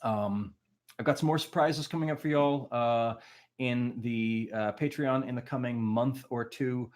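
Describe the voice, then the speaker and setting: A man's voice: mid-range voice, unhurried, a little mellow. A man, a musician, chatting casually with his livestream audience between songs, rambling and self-deprecating with lots of fillers.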